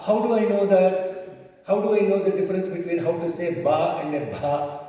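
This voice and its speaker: A man's voice: high voice, normal speed, mellow. A man teaching chanting to a class, patiently explaining and counting syllables aloud. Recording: distant mic in an echoey hall.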